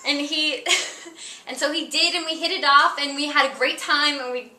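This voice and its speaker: A woman telling a comic story in an animated way, laughing and acting out exaggerated quotes. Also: sits high, moderate pace. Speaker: guest storyteller. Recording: roomy echo, distant mic, faint background noise.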